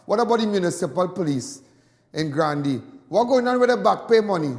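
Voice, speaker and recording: A man's voice: high-pitched, animated, a little fast, big-room sound. A Trinidadian man calling in to a talk show, ranting with passion and repeating his points indignantly. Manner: impassioned, repetitive, indignant. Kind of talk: call-in talk radio rant.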